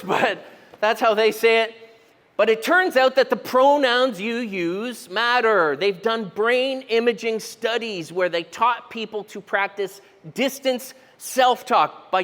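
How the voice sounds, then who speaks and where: Casting note: male pastor, high voice, chatty self-deprecating sermon, big reverberant church hall. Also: a little slow, a bit bright. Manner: conversational, self-deprecating, asks the congregation questions. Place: church auditorium.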